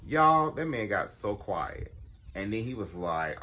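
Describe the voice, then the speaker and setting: A man telling a story to his viewers in a casual vlog, blunt and animated, swearing freely and calling his audience y'all. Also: fairly low pitch, slow, a little hiss or hum. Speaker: vlogger.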